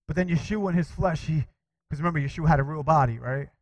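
A man preaching a sermon with animated delivery, calling out to his congregation for responses and quoting scripture. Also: a little high, fast, no echo, poor audio. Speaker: pastor.

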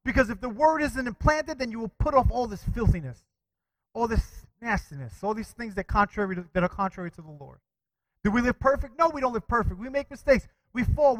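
High-voiced man preaching a lively sermon. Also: no echo, rough recording. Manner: animated preaching, asks the congregation for responses. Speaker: pastor.

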